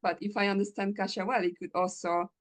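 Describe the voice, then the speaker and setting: A woman's voice: mid-range voice, a little fast. A woman hosting a podcast, telling stories with frequent laughter. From Poland. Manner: laughs often, animated storytelling. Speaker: podcast host and English teacher. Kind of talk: casual interview chat.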